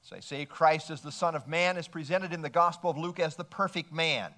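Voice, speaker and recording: A man preaching a measured expository sermon, working through scripture passages and citing verses as he goes. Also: a little high, sharp tone. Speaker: pastor.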